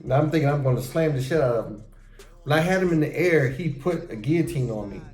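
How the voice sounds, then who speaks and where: A middle-aged man hosting a casual chat with his son, telling profane, animated stories about his past and acting out how he reacted. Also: on the high side, fast. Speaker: show host talking with his son. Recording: echoey room with faint music.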